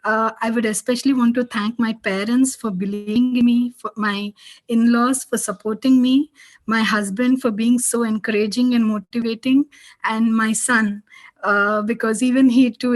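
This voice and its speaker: A woman's voice: fairly high pitch, fairly even intonation, moderate pace, low-quality recording. A woman from India, a graduating student, giving a grateful graduation speech.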